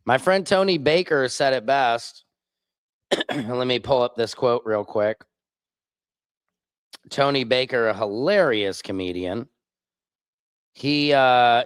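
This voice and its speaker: A man from Missouri, speaking in a smooth, medium-pitched voice on a dry recording, hosts a live stream. He reads viewer comments, answers with bluntness and sarcasm, and reacts loudly to clips.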